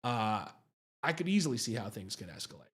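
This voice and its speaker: A man's voice: on the low side, big pitch swings, a little fast, a bit bright, slightly rough. A man, a psychiatrist hosting a livestream, telling a story in a chatty, self-mocking way and often asking "right?".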